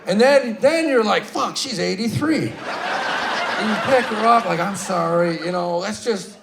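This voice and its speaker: Gravelly, swearing stand-up comedian. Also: male voice, high voice, a little slow, very noisy. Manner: swearing, animated storytelling with loud bursts. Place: live comedy stage.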